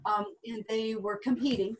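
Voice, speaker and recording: A woman's voice: fairly high pitch, fairly even intonation, moderate pace, slight background noise. A woman guest who talks with animals, telling a story in a chatty way with frequent "um" fillers. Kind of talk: anecdotal storytelling in an interview.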